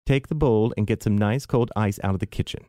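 A man's voice: fairly low pitch, fairly quick, warm tone, dry recording, studio quality, natural voice. A man voicing a theatrical, bitter, self-pitying aging mother in an arch, mannered way.

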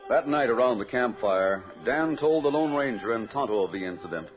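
A man giving scripted narration for a radio drama, with a smooth, steady storytelling delivery. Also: medium pitch, brisk. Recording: dull old radio broadcast with music.

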